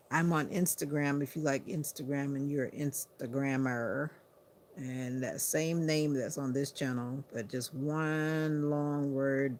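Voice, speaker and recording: A sleepy woman hosting a livestream, chatting to viewers in an unhurried, casual way. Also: deep voice, steady tone, darkish tone, slight background noise. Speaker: livestream host.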